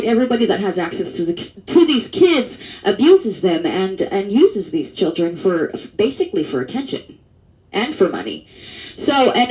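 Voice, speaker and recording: A woman's voice: fairly high pitch, a little mellow, poor audio. A woman talking to camera in a casual advocacy vlog, rambling with many restarts and fillers, blunt and profane. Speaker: advocacy vlogger.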